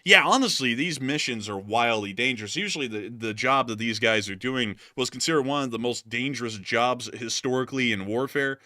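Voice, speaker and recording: A man's voice: medium pitch, brisk, few pauses, pushed and bright, dry recording, studio quality. A man hosting casual war news commentary, explaining footage and cracking jokes as he goes. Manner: joking, laughs often, explains as he goes.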